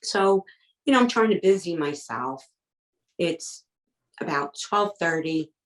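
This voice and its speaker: Low-voiced woman recounting a painful story. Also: expressive, slow, reverberant, poor audio. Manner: recounts events with quoted back-and-forth dialogue; emotional, urgent retelling. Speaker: podcast guest. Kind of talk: personal storytelling.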